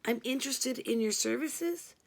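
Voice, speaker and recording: A woman reading a polite, gentle male caller. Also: high voice, moderate pace, vocal fry, pitched above the performer's own voice.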